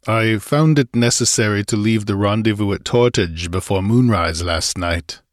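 A man voicing a calm, unflappable barbarian adventurer in an audiobook reading, speaking unhurried and low-key. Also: dry recording, clean studio sound, lightly acted.

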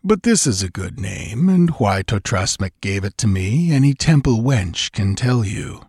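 A man's voice: on the low side, expressive, a little slow, darkish tone, breathy edge, dry recording, clean studio sound, full character voice. A man doing a mocking, arrogant giant. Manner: mocking, laughing. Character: huge arrogant mocking temple brute, man.

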